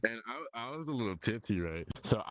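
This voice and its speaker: A man's voice: fairly low pitch, expressive, fast talker, a little hiss or hum. A man chatting as a guest on a livestream, rambling and crude with many fillers. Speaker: stream guest. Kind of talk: casual chat.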